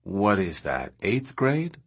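A man's voice: sing-song, takes it slowly, breathy edge, full character voice. Man voicing a blunt, matter-of-fact woman. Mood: friendly. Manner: dry, direct and low-key. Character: frank, matter-of-fact adult woman scientist.

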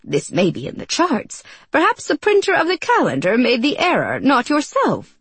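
A man's voice: very high-pitched, wildly swooping pitch, moderate pace, fairly bright tone, husky, no echo, pitched above the performer's own voice, full character voice. Woman voicing Mizar, a lilting, amused servant. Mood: amused, polite. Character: cheerful, unflappable male servant, amused by his master.

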